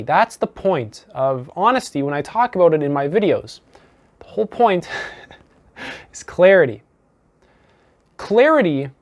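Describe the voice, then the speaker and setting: A man teaching as a self-improvement coach in a calm, deliberate monologue. He talks earnestly, with casual "you know" fillers, and repeats his key phrases. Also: on the high side.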